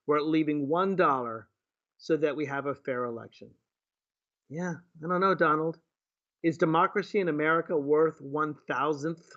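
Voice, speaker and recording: A male political talk host in a sarcastic, indignant monologue, piling up rhetorical questions. His voice is high and bright and jumps around in pitch. The audio is slightly lo-fi.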